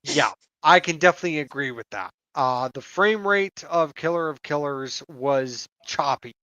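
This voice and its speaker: A man with a bright, forceful voice leads the discussion on a podcast. He hesitates a lot, with many ums and restarts. His mic sounds dull and dry. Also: on the high side, lively intonation, normal speed, dry recording. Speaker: podcast co-host steering the discussion. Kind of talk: casual chat.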